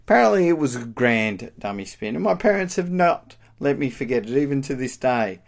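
A man delivers a sermon with animated, emphatic energy. His pitch rises and falls widely as he poses rhetorical questions to the congregation. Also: fairly quick, gravelly. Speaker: preacher.

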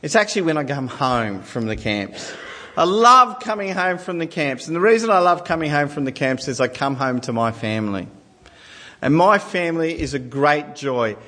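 A man's voice: fairly high pitch, expressive, normal speed, pushed and bright, big-room sound. A man in his forties preaching a sermon, telling family stories with self-deprecating humour. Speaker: pastor.

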